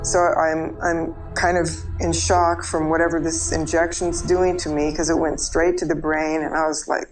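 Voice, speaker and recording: A woman giving a halting personal testimony, pausing often with fillers as she recounts events. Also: sits low, level tone, music in the background, rough recording. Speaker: interviewee.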